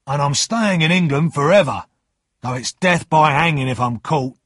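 A man voicing an old male escaped convict, slow, solemn and insistent, with a husky voice. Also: on the high side, a bit bright, no room sound, clean studio sound, voice pushed up. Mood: grim.

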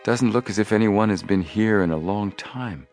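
A man's voice: fairly low pitch, normal speed, darkish tone, faint music behind, close to an everyday voice. Joe Hardy, an eager teen sleuth, as a man reads him. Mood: calm. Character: eager teenage boy detective, younger brother.

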